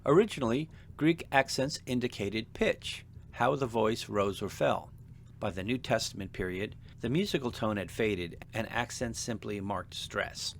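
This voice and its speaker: A man teaching a seminary language lesson in a measured, deliberate, scripted narration. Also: fairly low pitch, creaky, slight background noise. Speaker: seminary instructor.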